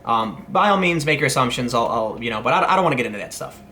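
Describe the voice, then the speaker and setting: A man in his thirties talks quickly in a casual commentary vlog. His voice is bright and forceful, and he rambles, often restarting his sentences and going off on asides. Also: medium pitch, animated, a little hiss or hum. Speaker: commentary host.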